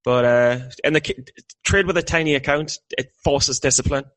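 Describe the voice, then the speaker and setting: A man's voice: medium pitch, moderate pace, fairly bright tone, dry recording, low-quality recording. A British man co-hosting a podcast, talking casually in a rambling, self-deprecating way with many restarts. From Britain. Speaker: podcast co-host. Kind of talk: casual chat.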